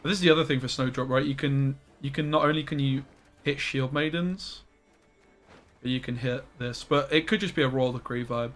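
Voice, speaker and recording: A young man streaming a card game, chatting excitably to his viewers and breaking into loud, surprised yelps. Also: medium pitch, a little fast, soft background music. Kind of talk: live-stream commentary.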